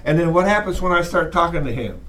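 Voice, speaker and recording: A man teaches a college class in a loose, chatty way. His voice sits a bit high, and it sounds slightly distant from the mic. He keeps breaking into small acted voices to make his points. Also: expressive, fast talker, fairly bright tone, slight background noise. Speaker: college lecturer. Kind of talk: classroom lecture.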